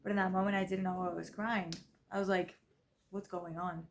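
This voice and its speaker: A woman's voice: lowish voice, little pitch movement, moderate pace, slight background noise. A young woman in her twenties talks through a personal story in a casual vlog. She sounds tired and rambles, stacking up fillers and correcting herself mid-sentence. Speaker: vlogger. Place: grandmother's house.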